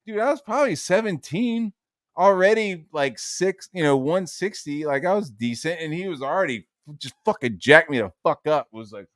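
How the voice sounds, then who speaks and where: Here a man with a fairly high pitch and normal speed co-hosts a livestream, relaying a story in joking conversation full of swearing, performing what others said. The recording is studio quality with no room sound.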